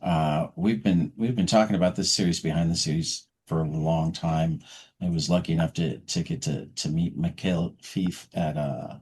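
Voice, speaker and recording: A man's voice: low voice, steady tone, normal speed, a little mellow, husky. A man co-hosting a comics podcast, speaking in an easygoing, hesitant way with restarts. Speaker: podcast co-host. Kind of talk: casual podcast chat.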